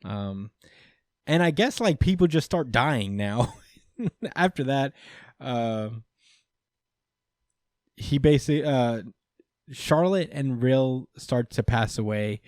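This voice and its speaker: Dude rambling through a recap on a podcast, um-heavy, dry close sound. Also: male voice, medium pitch, lively intonation, slow pace, long pauses, a little mellow, no echo. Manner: rambling recap, many fillers, acts out quotes. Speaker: podcast host. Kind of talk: casual podcast chat.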